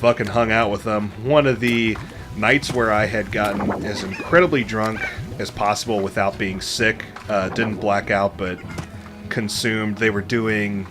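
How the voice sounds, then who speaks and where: A man's voice: lowish voice, steady tone, a little slow, over music. A man co-hosting a casual gaming podcast, telling long, rambling stories and swearing casually. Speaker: co-host.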